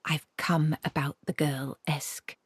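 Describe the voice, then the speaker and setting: A woman voicing a stubborn, sharp-tongued old witch in an audiobook reading, with indignant clipped outbursts. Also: lowish voice, expressive, measured pace, husky, no echo, clean studio sound, heavily acted. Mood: stern.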